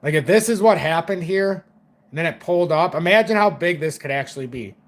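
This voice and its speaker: A man's voice: on the high side, expressive, a little fast. A young man giving loose, rambling, profane crypto market commentary on his own stream.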